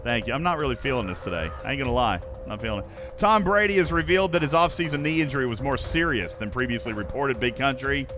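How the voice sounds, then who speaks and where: A man's voice: medium pitch, fast, over music. A man with allergies and a congested throat, reading joke news stories to his live-stream chat and calling out viewers by name.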